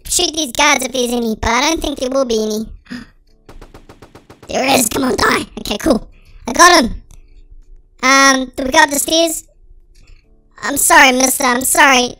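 A gaming channel host giving excitable, dramatic let's-play commentary through a sped-up chipmunk voice filter. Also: high voice, dry recording.

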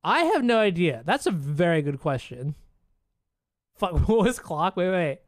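A streamer giving casual live commentary on their own card game, muttering, swearing and breaking into excited outbursts. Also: mid-range voice, a little slow, dry recording, clean studio sound. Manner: chats to chat and opponent.

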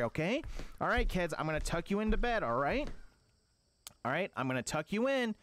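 Gaming streamer, male, lively pitch that swings up and down, slightly high voice, mock-parental sing-song dad act. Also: a little fast. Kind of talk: comic role-play as a dad.

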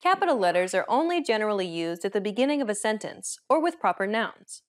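Woman, lesson host, scripted narration, clear steady explaining, mid pitch. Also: quick pace.

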